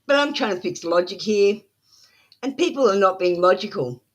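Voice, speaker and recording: Running a tarot reading on a live stream, a woman keeps her delivery flat and businesslike, bluntly telling off viewers who don't follow her directions. Her pitch is medium, her pace moderate, and the sound lo-fi.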